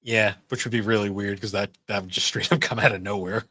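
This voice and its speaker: A man's voice: on the low side, fairly even intonation, fast talker, bright, forceful tone, no room sound. A man co-hosting a podcast in casual chat, rambling with many fillers and frequent laughs. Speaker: podcast co-host.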